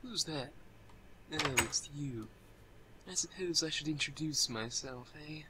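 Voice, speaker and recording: A man voicing a smug, greedy male executive who speaks in a slow, scheming way. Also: on the high side, lightly acted. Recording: distant game audio, faint noise.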